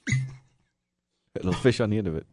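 A man with a Texan accent co-hosting a radio talk show and tossing in quick wisecracks. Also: lowish voice, a little mellow. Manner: quick wisecracks, laughs a lot. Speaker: radio co-host. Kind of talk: casual radio banter.

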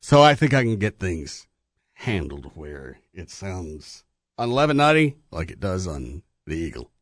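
A man's voice: deep voice, moderate pace, no echo. A middle-aged man hosting a radio show from the studio, telling joking stories in casual chat. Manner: animated, joking storyteller.

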